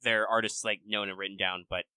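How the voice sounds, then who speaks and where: A man's voice: fairly low pitch, flat delivery, brisk, bright, forceful tone, clean tone, no room sound. A man co-hosting a podcast, explaining things in a loose, rambling way with lots of "like" and casual swearing. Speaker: podcast co-host. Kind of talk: casual chat.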